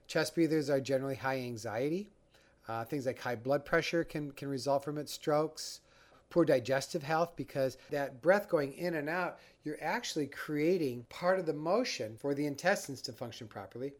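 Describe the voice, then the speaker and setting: Man, breathing coach, calm step-by-step guidance, slightly higher voice. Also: normal speed. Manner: calm, guiding, acts out the panicked mind. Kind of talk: instructional talk.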